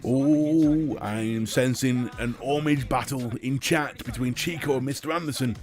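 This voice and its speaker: A man's voice: mid-range voice, a little slow, darkish tone, soft background music. A British man hosting a casual live stream, chatting and swearing freely as he answers his viewers. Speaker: livestream host.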